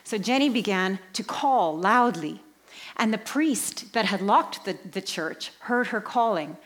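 A woman tells a story from the pulpit in a medium voice. She leans hard on key words, then drops to a soft, breathy hush for the tender moments. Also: mid-range voice, lively intonation, a little slow. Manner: dramatic storyteller, swings from bright emphasis down to hushed near-whispers. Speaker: Christian speaker and pilgrimage leader. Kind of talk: spoken storytelling sermon.

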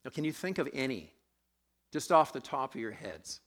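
A man's voice: medium pitch, sing-song, moderate pace, fairly bright tone. A man preaching a sermon, conversational and self-deprecating, with a sore throat, asking his congregation questions as he goes. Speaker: pastor.

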